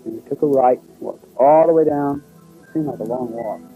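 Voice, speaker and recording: A man's voice: medium pitch, moderate pace, phone-quality sound, faint music behind. A middle-aged man telling a personal story in a rambling, folksy way, acting out what others said to him. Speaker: abduction witness.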